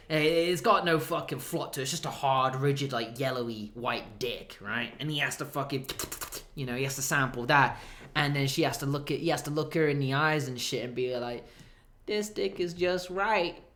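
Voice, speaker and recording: A man's voice: medium pitch, moderate pace, a bit bright, roomy sound, a little hiss or hum. A man streaming, telling a crude comedic story in a profane, rambling way, laughing often.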